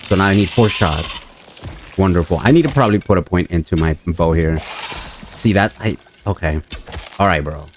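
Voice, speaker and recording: A man's voice: moderate pace, pauses often, a little hiss or hum. A man casually commenting on his own survival game as he plays, talking to viewers and yelping in alarm when things go wrong. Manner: chatty, talks to viewers, jumps to high-pitched panic when things go wrong. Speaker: let's play gamer.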